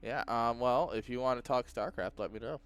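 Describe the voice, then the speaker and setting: A man casting a strategy game match in a relaxed, jokey play-by-play style, chuckling often. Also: medium pitch, a little fast, clear, resonant tone. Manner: laid-back, chuckling, jokey. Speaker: esports caster. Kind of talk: casual play-by-play commentary.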